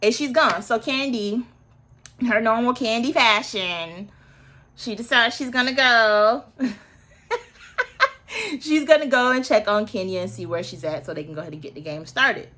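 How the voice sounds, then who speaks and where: A woman's voice: fairly high pitch, lively intonation, normal speed, pauses often, pushed and bright. A woman in her early thirties hosting a casual recap, chatty and opinionated, with asides to her viewers. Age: early 30s. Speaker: reality TV recap host.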